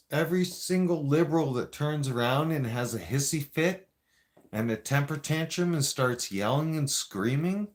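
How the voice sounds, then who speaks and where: A man of middle pitch talks slowly and deliberately on a casual live stream. He speaks straight at his viewers, confrontational and rambling, circling back over his points with restarts. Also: darkish tone.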